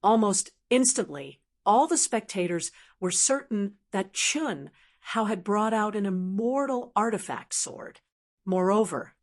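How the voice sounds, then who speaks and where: A woman narrating a fantasy web-novel audiobook in a steady, even reading. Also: medium pitch.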